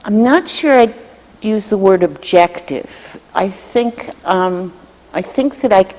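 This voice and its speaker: A woman legislator and committee chair giving measured, thoughtful answers in a televised interview, often pausing with fillers. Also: lowish voice, a little mellow. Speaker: state representative and committee chair. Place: state house studio. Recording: reverberant room with long echo.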